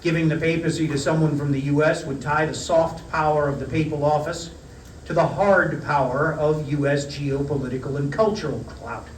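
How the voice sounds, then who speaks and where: A middle-aged man reading a prepared lecture in a measured, wry storytelling manner. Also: on the high side, steady tone, a little hiss or hum. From United States. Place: parish hall. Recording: roomy hall, mic at a distance.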